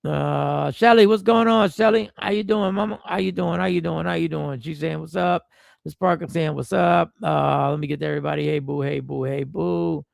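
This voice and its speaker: A man's voice: a little high, steady tone, moderate pace, dry recording, clean studio sound. A man hosting a casual live stream, talking with a stuffy nose from a cold, riffing and repeating himself as he greets viewers by name. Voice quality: gravelly.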